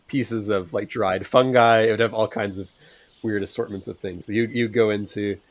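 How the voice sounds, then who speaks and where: A man narrating as game master in a tabletop game, halting and laughing often. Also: on the low side, fairly even intonation, no room sound. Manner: halting, many restarts and laughs.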